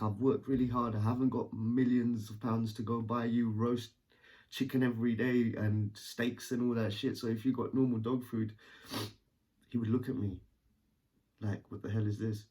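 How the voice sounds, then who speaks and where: A man tells a personal story at a mid pitch. He talks candidly, rambles and swears casually. He sits a little back from the mic. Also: dark tone, recorded from a distance.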